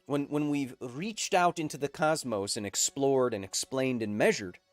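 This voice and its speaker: A man's voice: mid-range voice, moderate pace, no room sound, soft background music. Playful man hosting a science stream. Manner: playful, jokey, rambling asides. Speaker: host. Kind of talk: live-streamed science chat.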